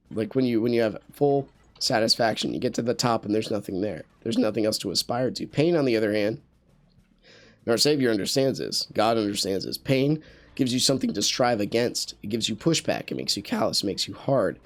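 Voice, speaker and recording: Speaking into a USB studio microphone, this man gives casual game commentary in an earnest, meandering style packed with fillers and false starts. His voice sits on the low side.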